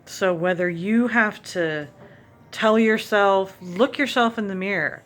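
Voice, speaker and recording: A woman's voice: mid-range voice, slow, faint music behind. A woman vlogger giving an earnest, emphatic motivational monologue to encourage her viewers.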